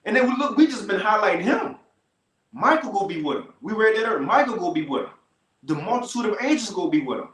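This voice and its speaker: Man teaching scripture, casual slangy talk, slightly high voice, echoey room. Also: big pitch swings, a bit bright. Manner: slow, emphatic scripture reading.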